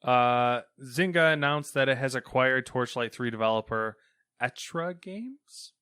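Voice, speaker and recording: A man's voice: mid-range voice, unhurried, bright, forceful tone, clear, resonant tone, dry recording, clean studio sound. A man co-hosting a casual gaming podcast, reading news items in a hesitant, self-deprecating manner. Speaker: podcast co-host.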